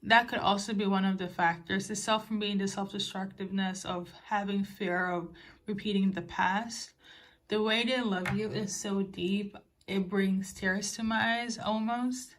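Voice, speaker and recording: A woman doing a tarot-style card reading for her viewers, at an ordinary middle pitch. She muses softly and loosely, with fillers and gentle little check-ins. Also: steady tone, unhurried. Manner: soft, musing, with fillers and gentle reassurances. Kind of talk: casual spoken oracle reading.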